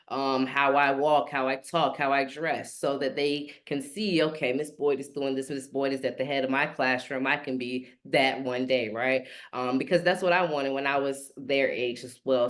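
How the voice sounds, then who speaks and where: Brief: young adult woman, teacher guest, relaxed and casual, frequent laughter. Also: very deep voice. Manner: relaxed, laughs often, easygoing. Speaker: guest, high school teacher. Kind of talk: casual podcast interview.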